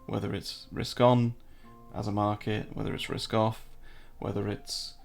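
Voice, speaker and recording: A man's voice: fairly low pitch, flat delivery, unhurried, creaky, soft background music. An English man hosting a casual live-stream, joking, answering viewer chat and walking through trading charts. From England.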